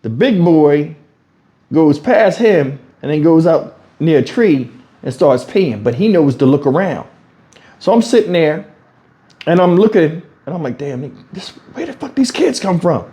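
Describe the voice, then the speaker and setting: This Houston YouTube commentator, with a somewhat high yet mellow, warm voice, spins an unhurried story in a casual vlog, lively and unfiltered as he acts out each exchange and swears freely. It's recorded at home on a wireless clip-on mic.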